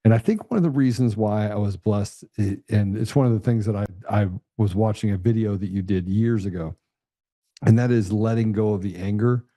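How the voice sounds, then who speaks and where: A male host talking earnestly in a casual interview, halting and restarting often. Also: lowish voice, warm tone, no echo, studio quality.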